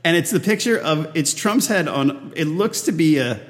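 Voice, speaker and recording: Giggly higher-voiced male podcast host. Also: lively intonation, moderate pace. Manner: giggly, stumbles over words. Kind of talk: casual chat. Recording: echoey room with long reverb.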